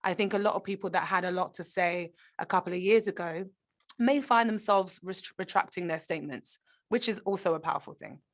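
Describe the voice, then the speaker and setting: A woman's voice: fairly low pitch, brisk. Earnest, reflective woman in an interview. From Britain. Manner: earnest and reflective, with frequent restarts and laughs. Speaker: actor, interview guest. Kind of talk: conversational interview.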